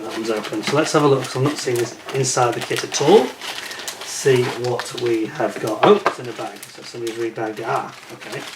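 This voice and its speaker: A man casually reviewing a model kit as he unboxes it, chatting and muttering asides to himself. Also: mid-range voice. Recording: echoey room with faint noise.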